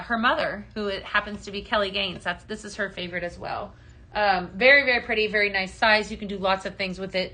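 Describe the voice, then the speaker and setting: Chatty and upbeat, a woman hosts a casual shopping live stream, filling her talk with ums and referring to viewers as her friends. Her voice is medium-pitched, bright, and forceful.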